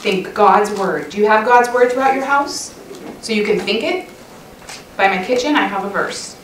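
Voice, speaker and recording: A woman's voice: medium pitch, moderate pace, recorded from a distance, slight background noise. A woman giving an earnest devotional talk at a women's church session, asking many questions and closing in prayer. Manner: earnest, asks many questions, animated storytelling. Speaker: speaker at a women's conference session. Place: church hall. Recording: echoey hall, voice from off-mic.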